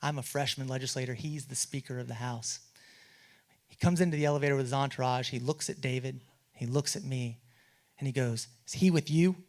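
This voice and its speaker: A man's voice: medium pitch, steady tone, fairly quick. A man, a state legislator, telling wry anecdotes in a memorial speech at a symposium. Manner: storytelling with quoted voices and wry humor. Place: auditorium at a symposium.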